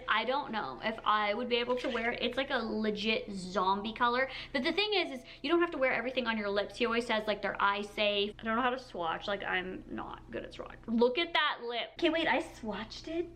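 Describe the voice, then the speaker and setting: A young woman in her twenties with a fairly high voice, chatting casually to her camera from a room at home. She gushes over each item she unboxes, swinging between breathy awe and quick chatter, with "like" and "oh my God" at every turn. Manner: gushing, excitable, lots of "like" and "oh my God". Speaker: beauty vlogger. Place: indoor room with colored backdrop.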